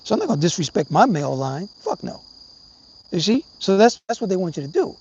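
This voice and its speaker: A middle-aged livestream host talks casually and profanely to his viewers, rambling and calling them brothers. His high, sing-song voice is a little fast and a little mellow. The recording is slightly dull with faint background hiss.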